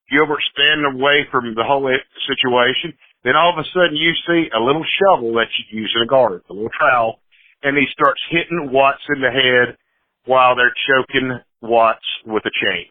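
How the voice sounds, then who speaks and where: A man's voice: mid-range voice, no echo. A man hosting a podcast, telling an enthusiastic, rambling story with many fillers. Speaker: podcast host. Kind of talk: casual storytelling. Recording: tinny phone-like dry line.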